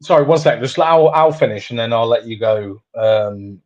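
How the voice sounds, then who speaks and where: A British man hosting a casual online chat, swearing freely and pausing often with ums. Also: medium pitch. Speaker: host. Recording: slightly dull lo-fi audio.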